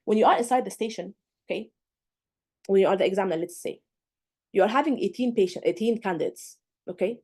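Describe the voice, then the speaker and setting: A woman's voice: medium pitch, warm tone, husky. A woman tutor giving a live lecture to exam candidates, emphatic and direct, often checking in with the class. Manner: coaching, direct.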